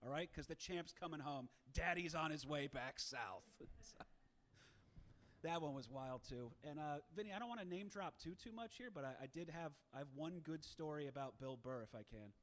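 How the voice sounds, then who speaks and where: A man in his thirties telling a self-mocking story in a stand-up set, brash and animated at the punchlines. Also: fairly high pitch, normal speed. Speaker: stand-up comic.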